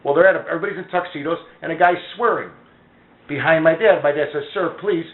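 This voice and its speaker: A man in a casual talk-show chat, spinning a blunt, animated story and swearing freely. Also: a little high, quick pace. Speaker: guest. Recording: tinny, echoey phone-like audio with faint hiss.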